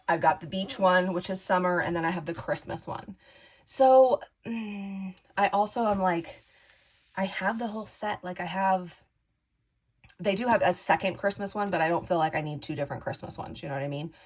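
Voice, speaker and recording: A woman's voice: fairly low pitch, normal speed, rough recording. A woman crafting vlogger chatting casually to camera, rambling and indecisive, often laughing at herself and addressing viewers as "you guys.".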